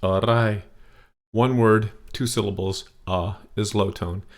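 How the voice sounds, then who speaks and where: A man's voice: on the low side, fairly even intonation, slow. A man giving a casual spoken language lesson, patiently repeating words to demonstrate them. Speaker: language teacher.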